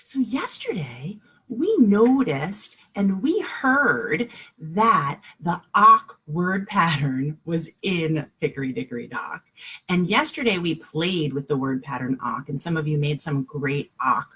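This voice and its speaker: A woman teaching a kindergarten class online from home, speaking slowly and clearly in a sing-song, encouraging way for small children. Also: low voice, sing-song, pushed and bright.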